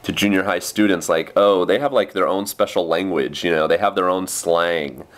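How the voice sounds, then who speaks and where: A young man with a fairly low voice rambles through a casual vlog about his day teaching English. He talks loosely, full of fillers and little asides. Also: normal speed, a bit bright. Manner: chatty, with many fillers and quoted kid voices.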